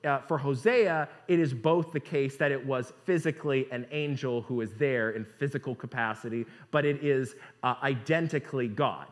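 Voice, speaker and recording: A man preaching a sermon, asking rhetorical questions and reading scripture aloud. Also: medium pitch.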